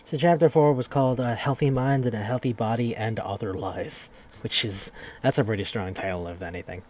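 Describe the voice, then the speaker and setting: A man's voice: mid-range voice, a little fast, darkish tone. Rambling, profane young man recapping a game. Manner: profane, rambling, acts out characters. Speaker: podcast host.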